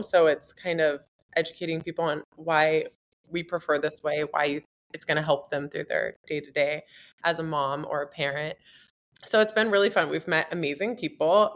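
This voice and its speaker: A woman with a low-pitched voice talks about her business in a casual interview. She laughs often as she tells her stories, and her tone is lively. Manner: laughs often, animated storytelling. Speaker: entrepreneur guest.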